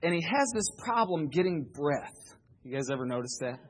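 A man's voice: a little high, big pitch swings, normal speed, poor audio. A man preaching a sermon, telling a story with humor and animation.

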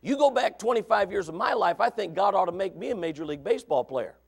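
A man preaching a sermon in a conversational way, moving from quiet asides to shouted points. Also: sits high, animated, fast talker, gravelly, slightly rough. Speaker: pastor.

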